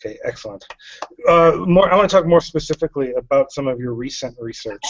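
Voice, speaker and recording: A man hosting an online science interview, asking halting questions with fillers. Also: mid-range voice, animated, lo-fi sound, slight background noise. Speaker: host of online science hangout.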